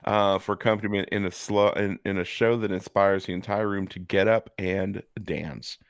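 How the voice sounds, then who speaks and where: A man's voice: deep voice, fairly even intonation, moderate pace, clear, resonant tone, dry recording, studio quality. A man co-hosting a podcast, reading a text aloud with sarcastic asides. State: hiccups. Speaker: podcast co-host. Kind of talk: casual chat, reading and joking.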